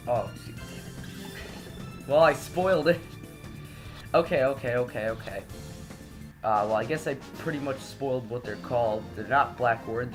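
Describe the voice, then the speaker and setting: A man from New York talks through a video game in casual, rambling commentary, often correcting himself and swearing offhand. His voice sits at an ordinary middle pitch. Faint game music plays underneath. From New York, United States. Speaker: let's play host.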